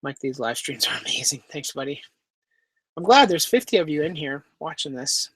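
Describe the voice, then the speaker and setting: A man's voice: on the high side, lively intonation, moderate pace, a bit bright, breathy edge, no echo. A man from Canada hosting a casual live stream Q&A from home, reading chat aloud through his laptop microphone and joking around. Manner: laid-back, reads chat aloud, jokes and swears. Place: home room with pet enclosures.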